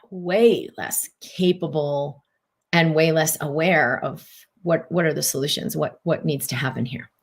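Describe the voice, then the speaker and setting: A woman hosting a live-streamed mind-body teaching talk. She speaks in an earnest, coaching way, repeats key phrases, and acts out panicked reactions with sudden high outbursts. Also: a little mellow.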